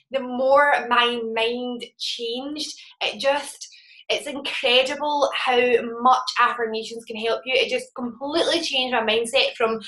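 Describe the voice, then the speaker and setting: A woman giving a motivational training talk, telling a story with lively acted-out moments. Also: fairly high pitch, takes it slowly, roomy sound, poor audio. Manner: animated storytelling, acts out her own panic. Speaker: network marketing trainer.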